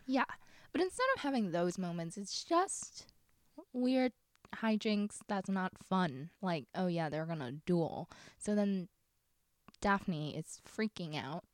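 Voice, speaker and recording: Animated woman podcaster, dry close sound. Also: on the low side, takes it slowly, no room sound. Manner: animated, exclaiming, jokey asides. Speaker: podcast co-host. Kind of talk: casual chat about a book.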